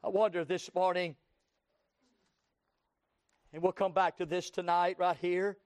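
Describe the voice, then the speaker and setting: A pastor from Texas with a Southern US accent, preaching an impassioned sermon that swings from loud cries to hushed tones. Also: male voice, high voice, little pitch movement, a little slow, no echo. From Texas, USA. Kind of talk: sermon with altar call.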